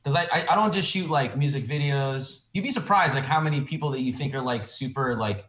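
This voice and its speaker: A man telling stories in a casual podcast chat, animated and swearing freely. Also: medium pitch, brisk, roomy sound, a little hiss or hum. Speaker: director guest.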